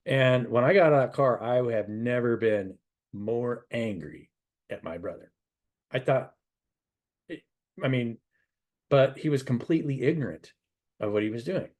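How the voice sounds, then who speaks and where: A middle-aged man, a spiritual advisor, telling a rambling, animated story and giving casual advice. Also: on the low side.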